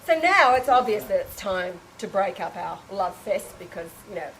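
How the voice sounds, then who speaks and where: In a low-quality recording with some hiss or hum, a woman speaks at a medium pitch and moderate pace. Her casual testimony recounts a spiritual story with lively acted-out dialogue and frequent laughter.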